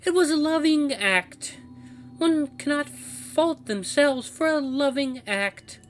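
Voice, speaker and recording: A man's voice: very high voice, animated, slight background noise, pitched above the performer's own voice, full character voice. A man doing a distorted, choppy ghostly woman's voice. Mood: choppy pleading. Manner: choppy, halting, clipped phrases. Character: distorted eerie female voice from a walkie.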